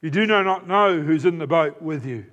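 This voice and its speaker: A high-voiced man with a New Zealand accent delivers a sermon. He talks in a relaxed, conversational way, stops often on fillers and asks the congregation quick questions. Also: dull audio. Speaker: preacher.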